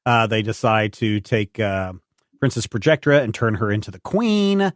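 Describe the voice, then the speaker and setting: A man's voice: fairly low pitch, animated, moderate pace, no echo, clean studio sound. Man jokingly recapping a comic. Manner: jokey plot recapping. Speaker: podcast co-host. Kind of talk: casual comic-book chat.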